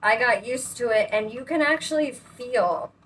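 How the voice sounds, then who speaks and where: A woman's voice: a little high, moderate pace, a bit bright, slightly rough. A woman co-hosting a painting channel, explaining her paint mixing steps in an easygoing, casual way. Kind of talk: casual chat while demonstrating paint pouring. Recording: distant mic with faint background noise.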